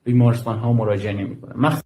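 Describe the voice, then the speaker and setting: A man from Iran working in medical aid, speaking in a measured way and deliberately repeating key points in a played clip. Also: mid-range voice, mellow, poor audio. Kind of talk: recorded statement in a played clip.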